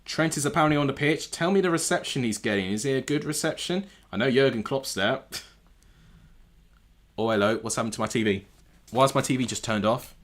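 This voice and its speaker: A man's voice: medium pitch, a little fast, fairly bright tone. A man streaming a live football watchalong from home, reacting to the match and often correcting himself aloud as he goes. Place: home room with TV.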